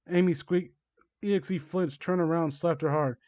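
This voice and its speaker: A man reads fan fiction aloud for comedy, stumbling on words and stopping to make amused asides. His voice sits a little high. The sound is dry and slightly muffled. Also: fairly even intonation, moderate pace, darkish tone, dry recording. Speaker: host reading fan fiction. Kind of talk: comedic dramatic reading.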